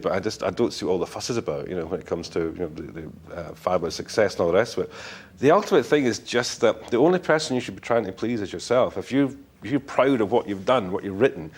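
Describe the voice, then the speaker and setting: A man's voice: lowish voice, husky. A middle-aged Scottish man, an author being interviewed, talking frankly in a rambling way with many fillers and restarts. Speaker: author guest. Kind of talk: casual interview talk.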